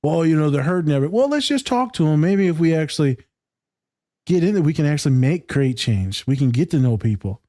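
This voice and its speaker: A man co-hosting a casual podcast, joking around and swearing freely as he acts out little quotes. His voice sits a bit high but sounds mellow and dark. The mic is close and dry. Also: animated, fairly quick, dry recording. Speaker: podcast co-host.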